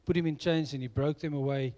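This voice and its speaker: A man's voice: a little high, fairly even intonation, fast talker, mellow. A middle-aged man preaching a sermon, telling personal stories in an earnest way. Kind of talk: sermon with storytelling.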